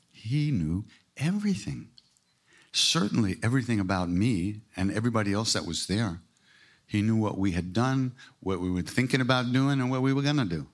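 A man giving an informal spiritual talk, earthy and joking, with emphatic repetition and frank language. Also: fairly low pitch. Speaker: spiritual teacher.

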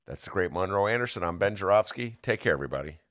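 Deep-voiced man hosting a podcast. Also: lively intonation, rapid-fire, fairly bright tone, no room sound, studio quality. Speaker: podcast host, former radio host. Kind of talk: conversational interview.

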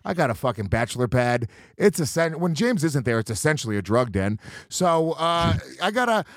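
A man's voice: on the high side, very animated, moderate pace, no echo. Rambling man, dry close sound. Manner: loose, rambling, frequent swearing and restarts. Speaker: podcast co-host. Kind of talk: casual banter.

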